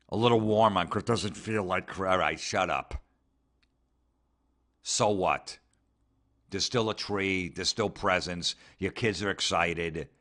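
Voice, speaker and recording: A man with a low voice rants in a profane, mocking comedy bit. He is sarcastic and blunt, sometimes picking up speed as he piles on the ridicule. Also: sharp tone. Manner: sarcastic, mocking, swears heavily, mimics people in put-on voices. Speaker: comedy podcast host. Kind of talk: profane ranting comedy commentary.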